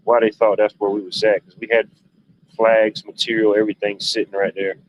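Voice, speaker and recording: A man's voice: lowish voice, little pitch movement, fairly quick. A man hosting a livestream, rambling through stories in a laid-back, casual way with loose, drawling turns of phrase. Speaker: livestream host. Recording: dull lo-fi stream audio, faint noise.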